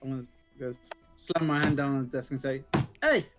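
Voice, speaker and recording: A man's voice: mid-range voice, level tone, fast. A man playing a tabletop game, speaking boldly and joking around. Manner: bold, jokey. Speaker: player. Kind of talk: tabletop role-play. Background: music.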